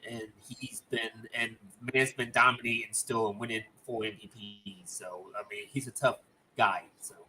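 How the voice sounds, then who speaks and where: A young man co-hosting a casual sports talk livestream, halting and stammering with many restarts. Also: mid-range voice, fairly even intonation, sharp tone, a little hiss or hum, low-quality recording.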